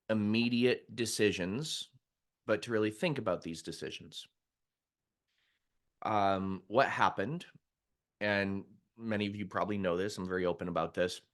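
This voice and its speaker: A man's voice: lowish voice, fairly bright tone. A middle-aged man, a mindset coach, talking candidly and conversationally in a live stream, with frequent restarts. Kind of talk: live-streamed casual talk.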